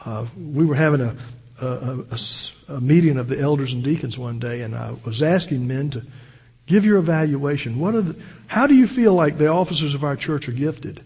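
Older man, pastor, earnest storytelling sermon; slightly high, husky voice; reverberant church hall. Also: lively intonation, brisk, a little mellow. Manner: earnest, storytelling, with repeated restarts.

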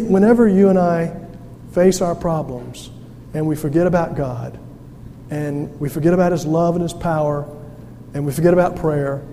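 A man's voice: on the high side, warm tone. A man preaching a sermon in a folksy, humorous and emphatic way, recorded in a church sanctuary. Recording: echoey hall with faint noise.

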